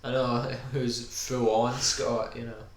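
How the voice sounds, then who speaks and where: A man's voice: medium pitch, level tone, slow. A man co-hosting a casual podcast, chatting enthusiastically while they watch an episode, with lots of "kinda". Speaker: podcast co-host. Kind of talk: casual chat over a viewing. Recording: echoey room with faint ambient noise.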